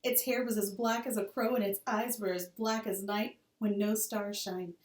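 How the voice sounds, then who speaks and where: A woman teacher reads a children's novel aloud with an expressive storytelling cadence. She sits well back from the microphone in a roomy school room that echoes. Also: medium pitch, moderate pace. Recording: roomy, distant mic.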